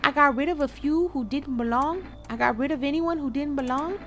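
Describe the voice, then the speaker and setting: A woman giving casual gameplay commentary, animated and chatting straight to her viewers with quick exclamations. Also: high-pitched, soft background music. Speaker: gaming video creator.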